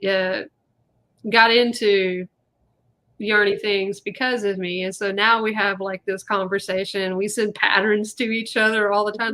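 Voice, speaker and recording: A woman's voice: mid-range voice, steady tone, moderate pace, pushed and bright. A woman hosting a casual live chat, rambling and chatty with lots of fillers. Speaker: host.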